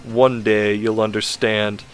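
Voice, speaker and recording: A man's voice: on the low side, flat delivery, slow pace. A man voicing an arrogant, bossy male mentor who sounds smug and demanding.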